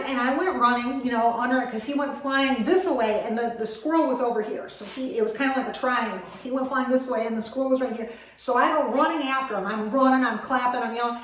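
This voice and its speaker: Animated woman storyteller in an echoey space. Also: a little high, quick pace, hardly any pauses, a little hiss or hum. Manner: expressive, swings from loud excitement to hushed calm. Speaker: animal rescue vlogger. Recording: very echoey voice, far from the mic.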